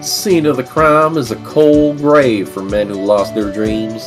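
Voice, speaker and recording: A woman's voice: extremely low pitch, little pitch movement, unhurried, music in the background. A woman voicing a laid-back cowboy detective man with a put-on Southern US drawl, reading game dialogue on a livestream. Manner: lazy drawling delivery with folksy slang.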